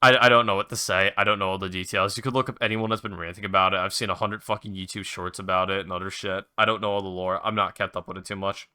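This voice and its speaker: A man's voice: deep voice, steady tone, quick pace, few pauses, bright, forceful tone, clear, resonant tone, dry recording, clean studio sound. A young man hosting his own show, ranting and rambling in a casual, exasperated way while playing a game, with lots of swearing. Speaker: host.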